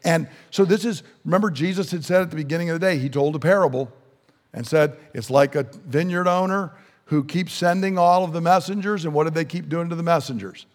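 A man with a slightly high-pitched voice preaches a sermon. He speaks emphatically and keeps asking his listeners questions. His voice rings with the long reverb of a hall. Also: fairly quick.

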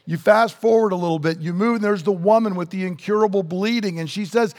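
A man preaching a sermon in an earnest, emphatic way, slowing down to stress key words. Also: sits high, darkish tone, in a large hall.

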